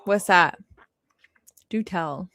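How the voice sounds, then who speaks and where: A woman's voice: on the low side, drawn-out words, pushed and bright, no echo. Chatty woman hosting a livestream. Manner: chatty, laughs often, reads chat aloud. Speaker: livestream host. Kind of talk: casual livestream chat.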